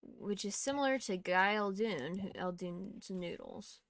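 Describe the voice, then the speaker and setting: A woman's voice: mid-range voice, measured pace, no echo. A young woman streaming a game, chatting casually with laughing asides and the odd swear. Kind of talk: casual gaming commentary.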